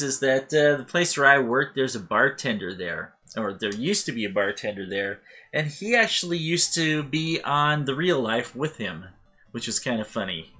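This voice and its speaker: Bright-voiced man, laughing gamer host. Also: mid-range voice. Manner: laughs often while telling stories; animated, acting out voices in his anecdotes. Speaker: let's play host. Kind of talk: casual gameplay commentary.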